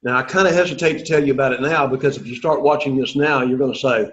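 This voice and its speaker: A man's voice: mid-range voice, fast, fairly bright tone, lo-fi sound. A middle-aged man teaching a Greek class, lecturing to students in an emphatic way and repeating his key points.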